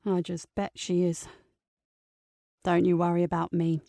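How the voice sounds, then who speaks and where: A woman voicing a calm, caring aunt, speaking low and gently in an audiobook. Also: unhurried, vocal fry, no echo, clean studio sound. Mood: soothing. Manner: low and soothing. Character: calm, caring aunt comforting her niece.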